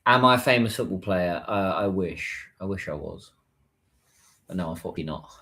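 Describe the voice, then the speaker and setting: A man talks casually on a livestream, with a slightly low-pitched voice. He muses to himself and answers viewers' comments as he waits in a taxi queue, recorded on a phone. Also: expressive, a little fast, pushed and bright. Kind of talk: casual live-stream chat.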